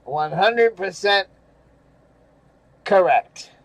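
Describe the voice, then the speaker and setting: A man with a fairly high voice rants at a slow, dragging pace, cursing and sarcastic as he reads out comments. He chuckles now and then between angry remarks. The sound is dry and close. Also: animated, no echo, rough recording. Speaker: channel host reading viewer comments. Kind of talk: casual ranting commentary.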